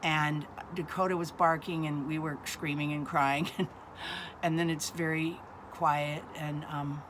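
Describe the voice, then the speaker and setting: A woman in her sixties casually telling a family story, halting often with ums and uhs. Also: low voice, level tone, background noise.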